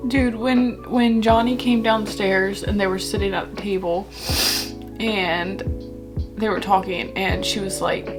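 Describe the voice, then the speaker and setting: A young woman book vlogger in a casual reading vlog, talking emotionally and gushing, with frequent swearing. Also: mid-range voice.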